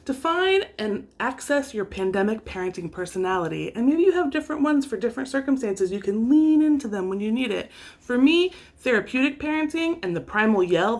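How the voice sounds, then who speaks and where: A woman vlogging about parenting, with a wry, self-deprecating storytelling manner. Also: sits high. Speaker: vlogger and mother. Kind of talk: casual vlog storytelling.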